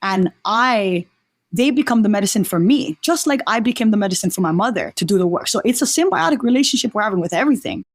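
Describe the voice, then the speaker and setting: A woman's voice: mid-range voice, expressive, fast, no echo. Woman on a podcast, earnest and thoughtful, restarts her sentences a lot, dry close mic. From Oahu, Hawaii. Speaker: podcast guest. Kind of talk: reflective casual conversation.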